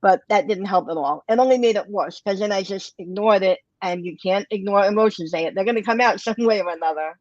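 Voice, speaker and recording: A woman recounting her experiences in a candid, reflective way, at a middle pitch. The sound is dry and a little dull, with no room echo. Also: fairly quick, few pauses. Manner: candid, reflective, with occasional soft laughs. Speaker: guest. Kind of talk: personal testimony in conversation.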